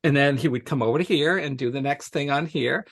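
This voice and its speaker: Gravelly, husky man telling stories. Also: medium pitch, fairly quick. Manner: chatty storyteller, laughs often. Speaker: special education technology guest. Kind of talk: casual storytelling interview.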